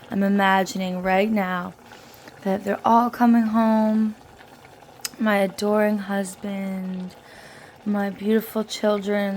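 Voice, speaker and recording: A woman's voice: mid-range voice, a little mellow, slight background noise. Chatty woman in her kitchen. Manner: chatty, playful, laughs often. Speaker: vlogger. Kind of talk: casual kitchen vlog. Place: home kitchen.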